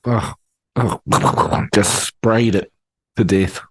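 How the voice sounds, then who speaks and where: Deadpan joking podcast man, low voice. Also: drawn-out words, breathy edge, no room sound. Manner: deadpan, absurd jokes with fillers. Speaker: podcast co-host. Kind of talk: casual podcast banter.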